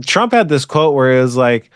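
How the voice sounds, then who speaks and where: A man's voice: fairly high pitch, no room sound, studio quality. A man co-hosting a podcast, ranting in a rambling, profane, exasperated way in casual chat. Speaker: podcast co-host.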